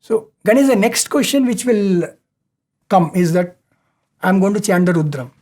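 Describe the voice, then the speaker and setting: A man, speaking as a satsang speaker in an earnest, halting devotional storytelling style with frequent fillers. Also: high-pitched, animated, a little mellow.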